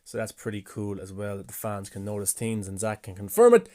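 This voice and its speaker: A man's voice: lowish voice, level tone, brisk, a little mellow. A young man hosting a casual video, chatting enthusiastically as he reads out fan questions and comments on them. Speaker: host.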